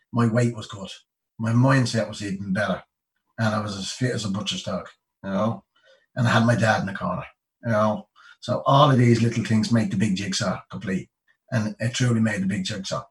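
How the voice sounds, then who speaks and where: A man's voice: mid-range voice, recorded from a distance, low-quality recording. A middle-aged Irish man telling stories in an interview, rambling and full of "you know what I mean". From Ireland. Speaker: interview guest, retired Olympic boxer. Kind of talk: casual storytelling interview.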